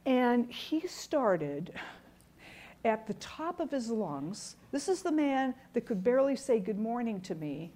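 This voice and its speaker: A woman's voice: fairly high pitch, sing-song, slow, mellow, a little hiss or hum. A middle-aged woman giving an earnest church teaching talk, telling stories and repeating key words for emphasis. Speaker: Bible teacher.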